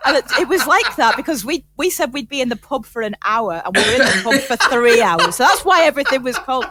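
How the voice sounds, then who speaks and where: Lively woman telling family stories. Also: sits high, fast talker, heavy background noise. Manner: animated, laughing, swearing, with lots of restarts. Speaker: podcast co-host. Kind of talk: casual storytelling chat.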